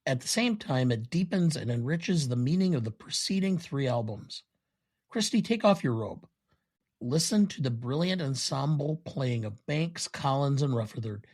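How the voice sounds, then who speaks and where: A vain, cold-blooded male yuppie killer, delivered in a flat, deliberate read by a man quoting a film on a podcast. The voice is husky and breathy, set at a middling pitch for a man. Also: close to an everyday voice. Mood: smug. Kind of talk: reading film quotes aloud.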